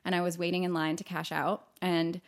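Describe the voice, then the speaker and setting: A young woman co-hosting a podcast, chatting casually about a film and telling an animated story, laughing often. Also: fairly low pitch, fairly quick, gravelly. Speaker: podcast co-host. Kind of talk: casual chat recapping a film.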